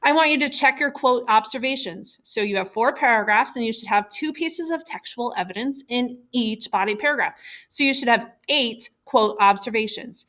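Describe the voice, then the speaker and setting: A woman teacher giving a recorded lesson, explaining clearly and patiently. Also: a little high, moderate pace, bright, forceful tone.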